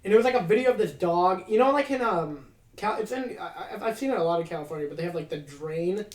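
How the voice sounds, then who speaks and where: A man's voice: high-pitched, animated, fast, reverberant. Young man, podcast co-host, casual chat, rambling, swears a lot. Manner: rambling storytelling, heavy swearing and fillers.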